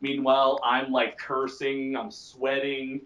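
A man's voice: medium pitch, little pitch movement, slow, over a noisy crowd. A man co-hosting a casual podcast, rambling with many restarts and frequent laughs. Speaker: podcast co-host. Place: lives in Japan.

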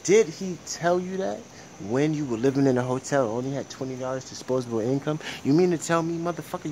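Profane ranting young man, lively pitch. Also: a little hiss or hum. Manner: profane, swings from mumbling to loud shouting. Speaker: vlogger. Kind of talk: casual ranting vlog.

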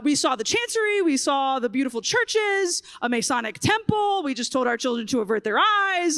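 A woman in her thirties giving a humorous keynote talk at a conference, telling lively stories and acting out children's voices. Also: high-pitched, no echo, studio quality. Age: 30s. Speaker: conference speaker. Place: conference stage.

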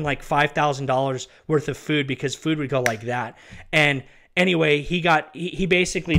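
A man's voice: medium pitch, a bit bright. A man talking casually and with agitation, repeating himself and venting about someone he used to work with. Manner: agitated, emphatic, repeats himself, insults and addresses an absent person directly. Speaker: former ministry worker telling his story. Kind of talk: casual ranting monologue.

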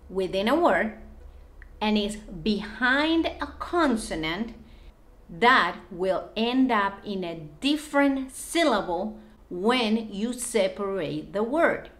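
A young woman giving a language lesson, saying each word twice with clear, careful enunciation before its English meaning. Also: mid-range voice, expressive, slow, a bit bright. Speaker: Spanish teacher.

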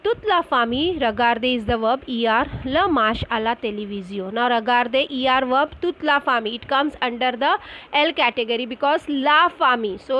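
A woman's voice: high-pitched, pushed and bright, muffled recording, a little hiss or hum. A woman French teacher with an Indian English accent, explaining grammar step by step and spelling words out letter by letter. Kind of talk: recorded school lesson.

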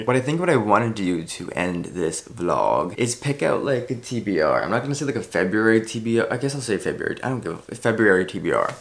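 Man, casual vlog chat, rambling and self-mocking, swears a lot, animated sing-song pitch. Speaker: vlogger. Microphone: clip-on or desk mic.

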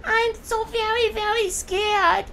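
A man's voice: extremely high pitch, fairly even intonation, slow, creaky, bright, forceful tone, a little hiss or hum, pitched above the performer's own voice, heavily acted, low-quality recording. A man voicing a frightened little child who is lost and can't sleep, pleading and trembling. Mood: scared. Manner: trembling, pleading, drifts into whispers.

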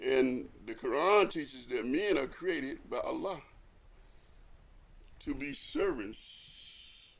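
A man's voice: mid-range voice, expressive, takes it slowly, long pauses. A man giving a Friday sermon as imam, repeating lines emphatically and asking rhetorical questions. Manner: swings between hushed and loud, rising to forceful.

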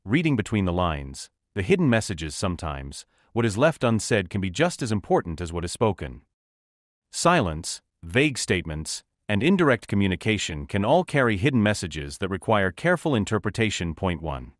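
A man with a lowish voice narrates a nonfiction audiobook, his pitch rising and falling with plenty of expression. He reads in a measured, instructive manner from a script. The sound is dry and close, with no room echo. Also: sing-song.

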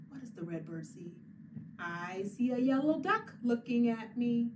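A woman's voice: on the high side, animated, a little slow. A woman librarian reading a picture book aloud to young children in a sing-song, encouraging voice, making animal sounds and speaking to unseen listeners. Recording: distant mic with faint background noise.

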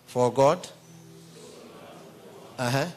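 A man's voice: mid-range voice, drawn-out words, a little mellow, a little hiss or hum. A man preaching a sermon, emphatically quizzing his congregation with questions.

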